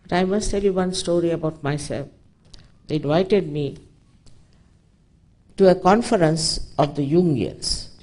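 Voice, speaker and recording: A woman from India with a deep, mellow voice and an Indian English accent gives a public spiritual talk. She's a spiritual teacher who speaks emphatically, telling stories and often drifting into asides.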